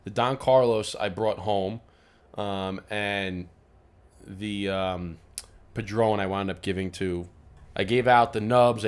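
A man co-hosting a casual podcast, telling stories and jumping into loud voices when he quotes people. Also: on the low side. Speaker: podcast co-host. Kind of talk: casual chat.

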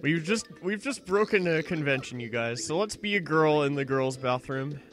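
A man's voice: fairly high pitch, expressive, moderate pace, fairly bright tone, faint music behind. A man giving casual, jokey commentary over a video game, laughing often. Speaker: let's play gamer.

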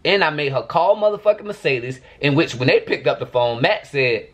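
A man's voice: fairly high pitch, expressive, normal speed, fairly bright tone. A man vlogging to camera, venting in a profane, exasperated rant.

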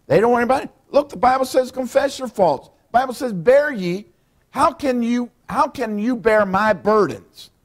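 A man's voice: extremely high pitch, animated, moderate pace. A middle-aged man preaching a folksy sermon as pastor, acting out what people say. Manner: folksy preaching, acts out quotes.

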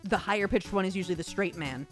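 A woman's voice: fairly low pitch, fast, faint music behind. A woman voice actor chatting casually and animatedly, acting out little quotes and swearing freely. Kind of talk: casual chat.

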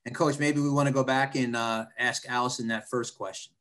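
Brisk man moderating a call. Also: mid-range voice, steady tone, a bit bright. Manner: brisk and organizing. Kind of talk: hosting a video call.

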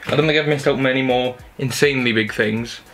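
A man's voice: medium pitch, fairly even intonation, a little fast, a bit bright, a little hiss or hum. A young man, chatty and enthusiastic, showing off his Christmas gifts at home in a casual haul video. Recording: background music under the voice. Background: music playing.

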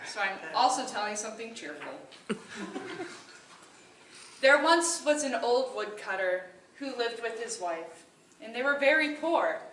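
A woman telling a story to a live audience in an animated, playful way. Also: a little high, measured pace, pauses often, slight background noise. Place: indoor event hall. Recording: roomy hall from far off.

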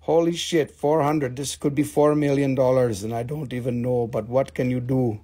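A man hosting a live mineral sale, who gushes over each specimen in excitable, profane talk. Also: mid-range voice, normal speed. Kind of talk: live-stream sales talk.

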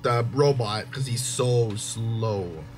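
A man's voice: mid-range voice, takes it slowly, soft background music. A young man giving casual gameplay commentary as a YouTuber, swearing and joking in exasperation. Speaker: gaming YouTuber.

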